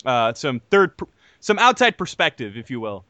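An exasperated man rants through a profane comic story, his pitch swinging wildly. His voice is bright and edgy. The sound is dry and close. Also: moderate pace, dry recording. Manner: animated, exasperated, heavy swearing. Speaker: podcast co-host telling a story.

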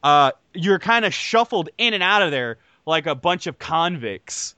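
A man's voice: on the high side, unhurried, smooth, no echo. A man telling an exasperated, profane comedic story on a podcast, swearing heavily and piling on outrage. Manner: animated, exasperated, heavy swearing.

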